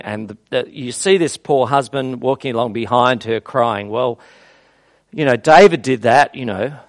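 A man delivers a conversational sermon, telling the story with animated energy and tossing in rhetorical questions. His pitch moves around a lot. The recording is dry and close. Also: dry recording. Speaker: preacher. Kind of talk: expository sermon.

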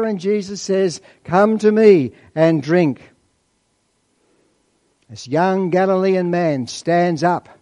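A man preaching a sermon, asking rhetorical questions and slowing down to stress key points. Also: high-pitched, dark tone.

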